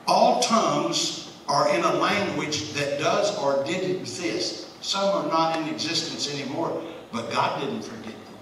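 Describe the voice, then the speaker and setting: Brief: folksy Bible study teacher, man, bright forceful voice, recorded from a distance. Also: a little high, unhurried. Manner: folksy, conversational, chuckles often. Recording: echoey room, distant mic, faint hiss.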